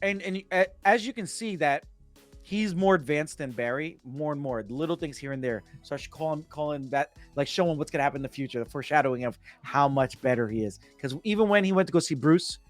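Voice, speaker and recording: A man casually discussing a movie on a podcast, animated and excitable, acting out scenes as he goes. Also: a little high, fast talker, soft background music. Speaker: podcast host.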